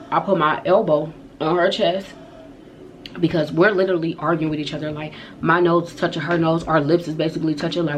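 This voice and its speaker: A woman's voice: low-pitched, slight background noise. A young woman vlogger telling a story to her viewers in a candid, slangy and emphatic way. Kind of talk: storytime vlog.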